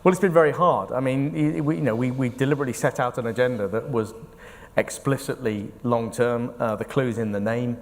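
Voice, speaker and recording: A man's voice: medium pitch, a little fast, a little hiss or hum. A man, an investment fund manager, giving earnest, explanatory answers in an onstage interview and thinking aloud as he speaks. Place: large conference hall. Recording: echoey hall reverb.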